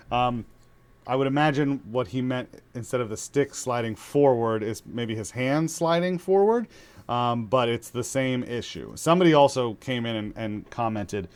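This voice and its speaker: A man who is a father of young children, teaching drums in a relaxed, chatty way with many fillers and restarts. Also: medium pitch. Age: young adult to middle-aged, father of young kids. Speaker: drum teacher. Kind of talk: casual spoken drum lesson.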